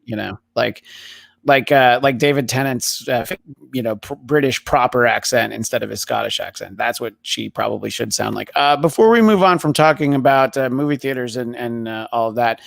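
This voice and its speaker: Gravelly-voiced man hosting a podcast. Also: mid-range voice, normal speed, fairly bright tone, no echo. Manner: many fillers, reads chat questions aloud. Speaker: podcast host. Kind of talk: casual podcast chat.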